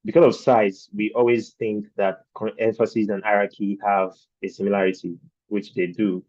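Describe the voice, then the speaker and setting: A man's voice: fairly low pitch, flat delivery, normal speed, a little mellow, no room sound, lo-fi sound. A man teaching design principles in a virtual training session, explaining patiently and asking rhetorical questions of his class. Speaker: design instructor.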